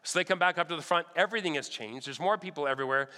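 A man telling a story during a sermon, animated and lively, acting out the lines of the people in his story. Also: on the high side, rapid-fire. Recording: long hall reverb.

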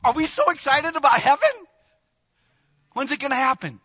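A man in his sixties preaching a sermon in a church, animated, laughing often and bursting into exclamations. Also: very high-pitched, normal speed. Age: 60s. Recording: long reverb, dull lo-fi sound.

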